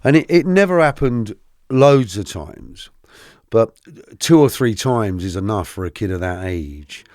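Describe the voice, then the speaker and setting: A middle-aged man, a podcast guest telling his life story candidly, animated and often restarting his sentences. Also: lowish voice, no room sound, clean studio sound. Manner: animated, halting with many restarts.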